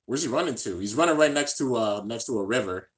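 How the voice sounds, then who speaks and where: A man hosting a live reaction stream in casual, slangy chat, swinging between hyped shouts and low mumbles. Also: quick pace. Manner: excitable, slangy, keeps saying "dude".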